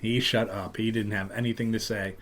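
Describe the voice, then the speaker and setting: A man hosting a podcast, telling a long story in casual chat and loudly acting out what people said. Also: on the low side, a little fast. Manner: animated, acts out loud quotes of other people. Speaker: podcast host.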